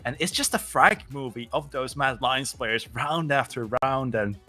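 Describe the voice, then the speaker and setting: A man's voice: medium pitch, unhurried, sharp tone. Laid-back male esports co-caster, music behind. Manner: laid-back, laughs often, thinks aloud with fillers. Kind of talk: live esports commentary.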